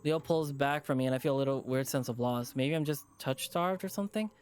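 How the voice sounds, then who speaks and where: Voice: medium pitch, fairly quick, smooth. A streamer reading a visual novel aloud, audibly stressed and rattled, repeating lines and swearing under their breath. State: stressed, shaken. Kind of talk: reading a game aloud with character voices.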